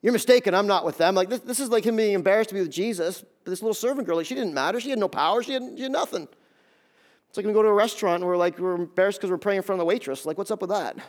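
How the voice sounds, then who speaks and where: A man preaching a sermon, animated and conversational, acting out scenes and talking straight to his listeners. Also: sits high, racing. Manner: animated, acts out scenes in quoted voices; conversational, talks straight to the audience. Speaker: pastor.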